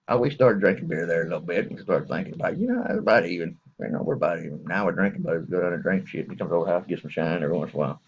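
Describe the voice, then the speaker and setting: A man's voice: low-pitched, rapid-fire, gravelly, hardly any pauses, lo-fi sound, slight background noise. A middle-aged man, rambling through a crude, profane comic story.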